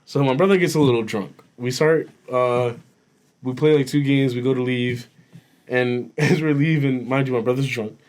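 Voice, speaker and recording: A young man co-hosting a podcast, telling a story in casual chat, animated and profane, laughing as he goes. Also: mid-range voice, moderate pace. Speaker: podcast co-host.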